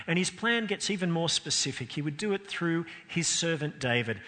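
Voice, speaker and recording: Bright-voiced man preaching in a reverberant hall. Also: a little high, moderate pace. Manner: earnest, emphatic, rising and falling for stress. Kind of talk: sermon.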